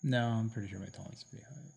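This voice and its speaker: Deep gravelly young man, chatty podcast host. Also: fairly even intonation, rapid-fire, a little mellow. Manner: jokey, rambling. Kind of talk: casual chat.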